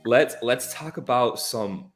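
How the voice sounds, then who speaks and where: A man's voice: medium pitch, slow, faint music behind. A man co-hosting a casual film discussion podcast, talking in an impassioned, emphatic way with frequent restarts. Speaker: podcast co-host.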